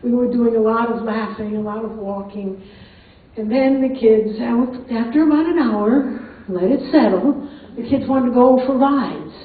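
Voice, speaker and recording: A woman's voice: a little high, measured pace. An older woman telling a personal story to a live audience, chatty and amused, often laughing. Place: performance hall. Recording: tinny, echoey hall, far from mic.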